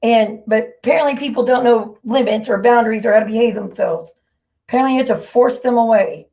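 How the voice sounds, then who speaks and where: Brief: woman stream host, fairly high voice, furious and profane, calling out her chat directly. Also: brisk, a little mellow. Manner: heated, profane, confrontational. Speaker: livestream host. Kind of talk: angry livestream rant.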